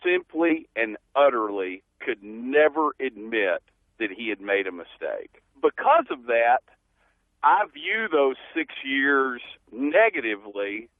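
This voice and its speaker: A man calling in to a radio show, speaking in a measured, reflective way over the phone. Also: mid-range voice, sing-song, no room sound. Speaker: caller. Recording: tinny phone line.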